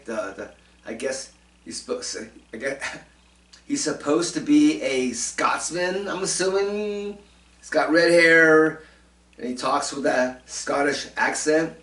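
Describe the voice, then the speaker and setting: A man's voice: fairly high pitch, fairly bright tone, roomy sound, recorded from a distance. A man hosting a casual talk show, rambling through his commentary with lots of fillers and restarts. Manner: rambling, many fillers and restarts, chuckling asides. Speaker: show host doing commentary segments.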